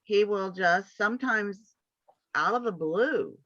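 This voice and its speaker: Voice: mid-range voice, takes it slowly, a bit bright, dry recording, lo-fi sound. A puppy raiser in a training class, explaining in a conversational way with small restarts.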